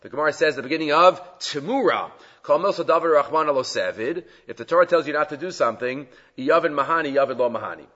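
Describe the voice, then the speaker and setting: A man leads a Talmud class in a lively, questioning manner. His voice sits a little high and swings between loud, dramatic bursts and quieter asides. The recording is dull and lo-fi. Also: fast. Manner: animated, rhetorical questions, dramatic retelling. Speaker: Talmud teacher.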